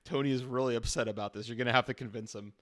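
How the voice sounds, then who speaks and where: A man's voice: medium pitch, steady tone, a bit bright, dry recording, studio quality. A man streaming a casual chat with an AI character, teasing and playful. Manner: teasing, playful, quick to laugh.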